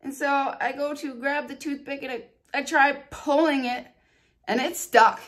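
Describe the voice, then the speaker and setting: A woman beauty vlogger telling stories and walking through a hair tutorial in a chatty, animated way. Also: sits high, a little slow. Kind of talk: casual storytelling and hair tutorial.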